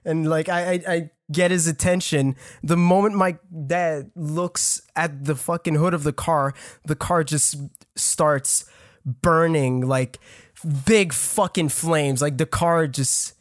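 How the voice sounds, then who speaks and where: Here a French-accented guest in his early twenties spins a casual tale full of swearing, laughter, rambling and restarts. His pitch is a little high, his intonation fairly even, and he takes his time. It's a clean studio recording without any room sound.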